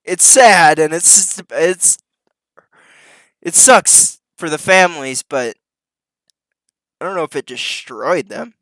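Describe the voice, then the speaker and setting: A man's voice: fairly high pitch, lively intonation, takes it slowly, long pauses, a bit bright, no echo. A man reacting to news clips with profane, sneering commentary.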